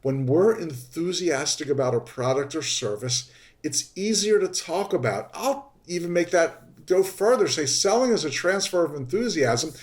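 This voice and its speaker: A man hosting a podcast, telling a story in an animated way and jumping high in pitch when he acts out his exasperation. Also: moderate pace. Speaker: podcast host. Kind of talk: storytelling monologue. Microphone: podcast microphone.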